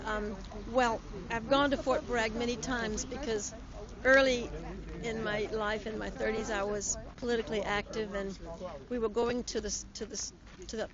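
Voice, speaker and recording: Older American woman chatting outdoors. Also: a little high. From United States. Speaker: interview guest. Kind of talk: casual on-location interview. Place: outdoors at a public ceremony. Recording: lo-fi outdoor audio with crowd.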